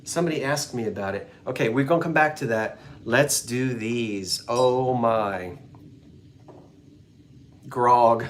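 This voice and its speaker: A man with a medium-pitched voice talks at a moderate pace with few pauses, over a slight hiss or hum. Selling antiques in a live online auction, he describes each item in a chatty, rambling manner full of homey jokes and asides.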